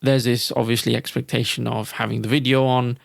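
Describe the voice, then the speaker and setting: A man's voice: mid-range voice, little pitch movement, a little fast, creaky, no room sound, studio quality. A man co-hosting a podcast, talking in a reflective, hesitant way with frequent restarts. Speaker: podcast co-host. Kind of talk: casual podcast discussion.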